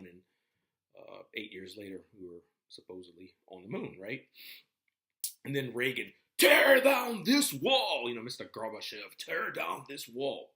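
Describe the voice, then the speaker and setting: A man's voice: lowish voice, sharp tone. A man giving a casual talk to a class, rambling with many fillers and restarts. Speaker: lecturer. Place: classroom with a board.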